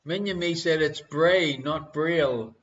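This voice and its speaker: Speaking a little high and in a fairly bright tone, an Irish quiz host takes his time during a live online show from home. Chatty and full of jokes, he gives every question twice and banters with his partner; the stream audio is dull and lo-fi.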